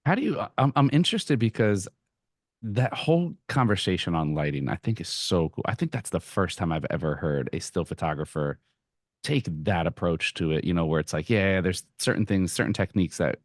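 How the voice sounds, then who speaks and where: Male interviewer, very low voice, eager rambling questions, dry close sound. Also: animated, a little fast, no echo. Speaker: interviewer, street photographer. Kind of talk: casual interview conversation.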